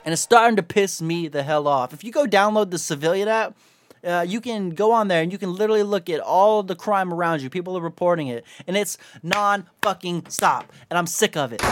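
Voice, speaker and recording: A fired-up man ranting on his home podcast, swearing freely as he reads out the news. His voice sits high for a man. It is recorded close and dry, with no room sound. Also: brisk, dry recording. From Ohio. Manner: angry, profane ranting, reads news aloud. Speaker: podcast host.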